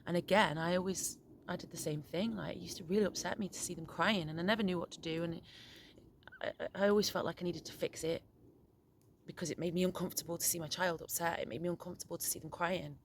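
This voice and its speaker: A middle-aged woman speaking in a candid, reflective monologue, frank and halting, often swearing, with many restarts as a poet and parent. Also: lowish voice, fairly even intonation, a little hiss or hum.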